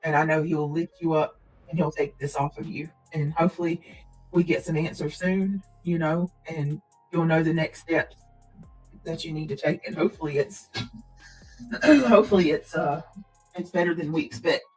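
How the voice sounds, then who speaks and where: A woman hosting a casual livestream and talking directly to her viewers. She speaks earnestly and prayerfully, and she keeps clearing her throat and coughing. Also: sits low, steady tone, normal speed, darkish tone, faint music behind, rough recording. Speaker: livestream host.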